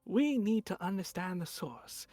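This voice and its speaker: A man's voice: sits high, lively intonation, a little slow, warm tone, dry recording, soft background music. Man doing a formal female counselor. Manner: formal, courtroom address.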